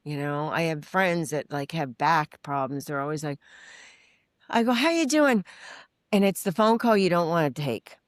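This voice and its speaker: A middle-aged woman speaking candidly as a podcast guest, her voice sitting fairly low. She tells stories with animated, acted-out voices and casual swearing. The recording is dry and close. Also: moderate pace, no echo. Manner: animated storytelling, acting out quoted voices; frank, uses casual swearing. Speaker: guest, recovery mentor and author. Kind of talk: candid interview conversation.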